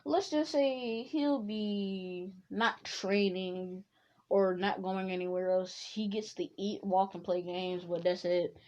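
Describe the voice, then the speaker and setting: A woman's voice: medium pitch, steady tone, slow pace, darkish tone, highs cut off. A woman telling an improvised fan story, rambling and often restarting to revise the plot.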